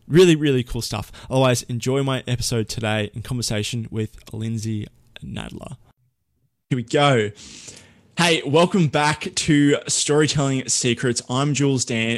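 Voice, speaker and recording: A man's voice: medium pitch, no echo, clean studio sound. A man hosting a podcast, talking in a chatty, upbeat way with fillers and restarts. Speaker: podcast host. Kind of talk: casual podcast intro.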